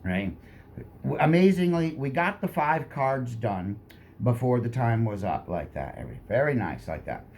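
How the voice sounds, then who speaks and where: A man telling a comic personal story with animated delivery, often tacking "like that" onto his lines. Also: medium pitch, moderate pace, slight background noise. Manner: animated, full of "like that" asides.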